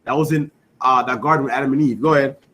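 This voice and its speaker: A man with a mid-range, fairly bright voice teaches a scripture class at a quick pace with fairly even intonation, on a rough recording with slight background noise. He quizzes his students with repeated questions, stresses key words emphatically in call-and-response fashion, and keeps saying "you know what I'm saying."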